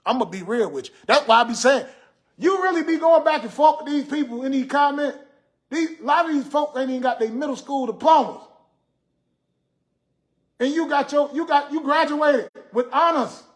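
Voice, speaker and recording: A man's voice: extremely high pitch, normal speed. A man playing a sassy, old-school, gray-haired uncle, scolding and joking with viewers on a livestream. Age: 50s. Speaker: livestream host reading comments. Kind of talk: comedic character livestream. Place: room in a house. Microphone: phone on a ring light.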